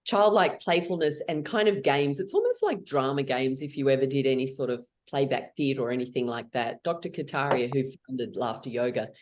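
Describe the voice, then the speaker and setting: A woman's voice: very deep voice, lively intonation, brisk, hardly any pauses, a little hiss or hum. A woman guiding an online laughter yoga workshop over a video call, playful and laughing often as she cheers people on.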